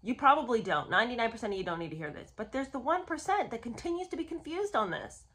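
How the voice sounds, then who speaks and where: A woman hosts a casual book review show in a bright, forceful voice. Her pitch swings widely as she talks. She is sarcastic and exasperated in her asides. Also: expressive, fast talker. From United States. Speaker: host.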